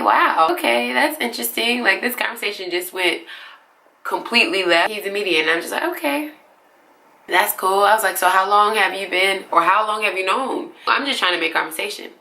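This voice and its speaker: A woman in her twenties from Atlanta telling a personal story to camera in a casual, animated way, often calling her viewers "y'all". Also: mid-range voice, creaky.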